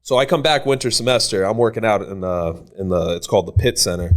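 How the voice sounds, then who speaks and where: Animated young man telling a wild story. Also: lowish voice, fast talker. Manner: animated, swears freely, acts out quoted voices. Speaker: podcast guest. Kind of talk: casual storytelling.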